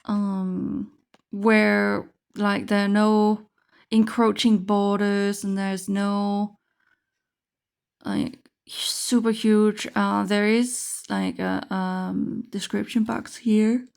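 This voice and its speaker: A woman speaks in an unhurried, relaxed way as she sorts through a card pack. Her voice has a noticeable vocal fry. She thinks aloud, trailing off and restarting mid-sentence. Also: medium pitch. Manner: musing, thinking aloud with fillers. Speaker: card game vlogger. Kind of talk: casual unboxing chat.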